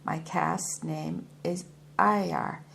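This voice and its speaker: A woman's voice: fairly low pitch, steady tone, extremely slow, creaky, a bit bright, a little hiss or hum, exaggerated voice. A woman voicing a proud, hefty male yogi and former soldier who speaks formally and politely, calling his listener sir. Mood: earnest.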